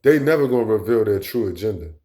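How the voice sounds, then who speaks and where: Profane, rambling man with a lowish voice. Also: lively intonation, quick pace, mellow. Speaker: vlog host. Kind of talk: casual monologue rant.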